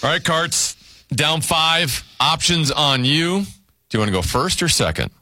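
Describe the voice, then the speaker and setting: A man hosting a game show, his voice bright and full of swings in pitch. He briskly calls out scores and clues. The sound is close and dry. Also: expressive, dry recording.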